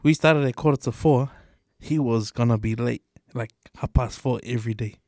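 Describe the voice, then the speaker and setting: A man's voice: medium pitch, normal speed, a little mellow, no room sound. Podcast co-host, man, casual storyteller, swears a lot, dry close sound. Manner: swears freely, tells stories acting out quotes. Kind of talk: casual chat.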